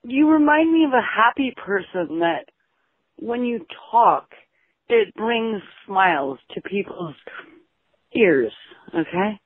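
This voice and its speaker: A woman caller leaving a halting, earnest, stumbling voicemail of praise. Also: medium pitch, animated, slightly rough, dry recording. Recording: tinny phone voicemail.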